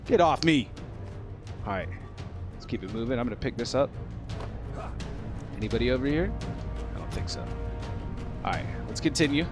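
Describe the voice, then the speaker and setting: A man hosting a gaming video, joking and talking to the characters as he plays. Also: medium pitch. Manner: excitable, joking, talks to the characters. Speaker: gaming channel host. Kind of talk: let's play commentary. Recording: game music underneath.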